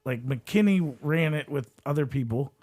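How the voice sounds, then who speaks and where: A man co-hosting a laid-back podcast, talking in loose, rambling bursts. He jokes around and likes to put on goofy voices. His voice sits a little high for a man. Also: expressive, normal speed, darkish tone. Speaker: podcast co-host. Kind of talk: casual chat.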